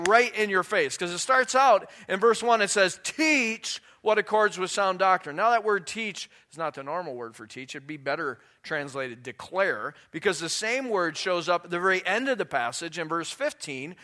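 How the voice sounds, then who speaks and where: A man's voice: sits high, lively intonation, moderate pace, few pauses, sharp tone. A man giving a sermon as a guest pastor in a church, conversational and joking, then emphatic.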